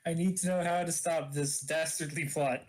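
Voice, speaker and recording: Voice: medium pitch, steady tone, moderate pace. A player in a tabletop game, joking and blunt.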